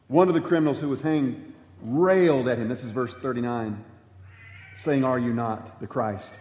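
A man pastor preaching a sermon, swinging between emphatic points and hushed, quiet passages. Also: mid-range voice, normal speed. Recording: echoey hall, dull sound.

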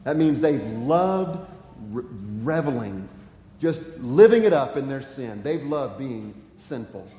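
This pastor's mid-range, dark voice moves slowly in a sing-song way as he preaches, earnest and pleading, stressing the scripture he reads aloud. The hall echoes, and the recording is dull and lo-fi with faint ambience.

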